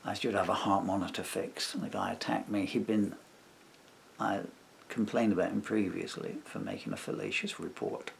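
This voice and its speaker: A man's voice: sits low, lively intonation, moderate pace, vocal fry, slight background noise. A man telling a long grievance in a personal vlog, rambling and indignant, acting out what others said. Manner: indignant, rambling retelling with acted-out quotes. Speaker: vlogger.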